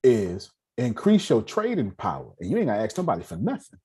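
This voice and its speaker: Husky, animated man preaching to a crowd. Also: mid-range voice, a little fast. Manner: preachy, folksy, addresses listeners directly. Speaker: motivational speaker. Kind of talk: lively talk to a live audience.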